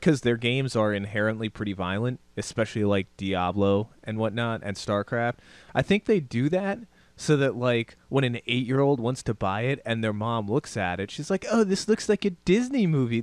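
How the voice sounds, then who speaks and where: A man's voice: medium pitch, normal speed, clean tone, no echo. A man co-hosting a podcast, chatting in a laid-back way and floating his own theories. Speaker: podcast co-host. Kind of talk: casual chat.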